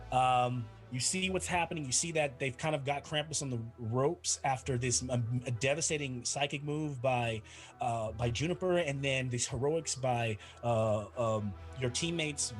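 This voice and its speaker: A man running a tabletop role-playing game as dungeon master, chatty and often laughing, with many restarts. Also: mid-range voice.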